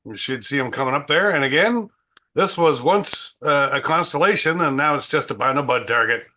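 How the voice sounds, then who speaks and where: Bright-voiced man co-hosting. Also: fairly high pitch, animated, moderate pace, slight background noise. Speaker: co-host. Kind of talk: casual chat.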